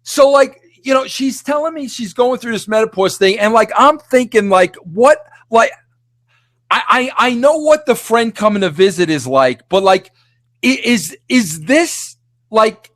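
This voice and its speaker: High-pitched, animated rambling man. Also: a little slow, no echo, clean studio sound. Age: middle-aged. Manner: excitable, rambling, lots of "like" and restarts. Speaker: podcast host. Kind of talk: animated solo rant.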